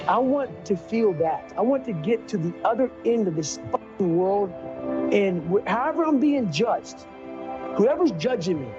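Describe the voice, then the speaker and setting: A man's voice: sits high, animated, moderate pace. A man giving an intense, preaching motivational speech that swears freely. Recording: muffled clip under music.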